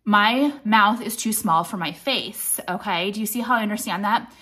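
A woman in her late thirties talks through her makeup routine in a blunt, rambling, foul-mouthed way. She sounds a little out of breath as she goes. Her voice sits at an ordinary middle pitch for a woman. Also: normal speed, pushed and bright. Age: late 30s. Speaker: beauty vlogger. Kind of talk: casual makeup tutorial chat.

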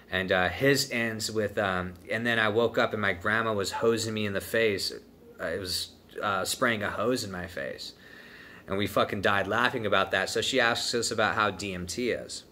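A man's voice: fairly low pitch, sharp tone. A young man from the United States telling a long story in a casual, profane, laid-back way, full of "dude" and "man". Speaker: vlogger telling a trip story.

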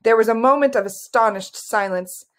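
Woman, audiobook narrator, fantasy novel, measured, even. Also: on the high side. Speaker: audiobook reader.

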